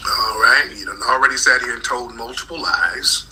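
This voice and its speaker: A man's voice: mid-range voice, moderate pace, bright, forceful tone, poor audio. Combative man hosting a call-in room. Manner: combative, repeats accusations insistently. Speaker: host of a live call-in audio room. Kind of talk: confrontational call-in talk.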